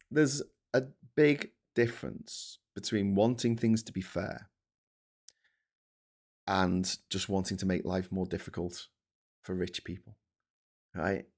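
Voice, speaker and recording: A man hosting casual political commentary in a sarcastic, profane ranting manner. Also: deep voice. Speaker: host.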